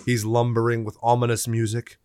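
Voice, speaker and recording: A man's voice: mid-range voice, monotone, brisk, darkish tone, clean tone, dry recording. Podcast co-host, man, jokey chat, dead dry garage recording. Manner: jokey, breaks into silly put-on voices. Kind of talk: casual podcast chat about a movie. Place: home garage.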